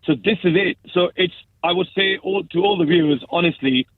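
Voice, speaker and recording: Halting man on a tinny phone line. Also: high voice. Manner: halting, repeats words while explaining. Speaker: guest on a phone-in, former banker.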